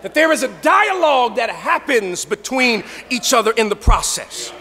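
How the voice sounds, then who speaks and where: A male pastor giving a lecture with preached storytelling in a dramatic cadence. He swings between shouting and hushed tones. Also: very high-pitched, very animated, normal speed. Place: lecture hall. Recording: reverberant lecture hall.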